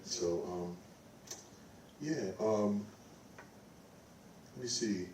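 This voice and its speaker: A man hosting an onstage interview, asking his questions in a relaxed, encouraging way with plenty of ums. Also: on the low side, drawn-out words, slight background noise. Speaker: host, pianist and program director. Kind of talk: interviewing on stage. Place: recital hall on stage. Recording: echoey recital hall, mic from a distance.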